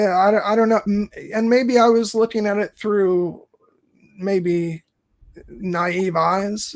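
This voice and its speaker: A podcast co-host in casual film review chat, hesitant and thinking aloud with many restarts. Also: medium pitch.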